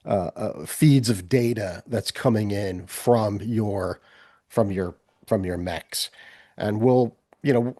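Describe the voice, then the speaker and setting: A man narrating as game master, halting and full of fillers and restarts. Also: fairly low pitch, warm tone, no echo, clean studio sound.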